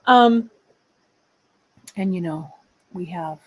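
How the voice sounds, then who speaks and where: A woman's voice: fairly low pitch, drawn-out words, husky, rough recording. A woman in her fifties hosting a live beading show, chatting casually and meandering as she talks to viewers and her cat. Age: 50s. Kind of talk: casual live-stream chat. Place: workshop bench, indoors.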